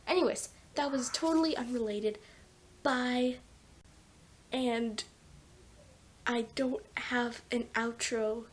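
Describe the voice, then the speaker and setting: A woman's voice: a little high, steady tone, takes it slowly, long pauses. A teenage girl in a casual comedic vlog, rambling and self-mocking, sometimes dropping into whispers, filmed on a phone at home. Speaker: vlogger. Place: home, by a sunny patio door. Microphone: phone camera taped to a patio door.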